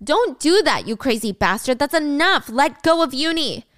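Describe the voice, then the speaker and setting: A woman voicing a desperate teenage boy who shouts and pleads. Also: sits high, sing-song, moderate pace, no echo, clean studio sound, voice pushed up.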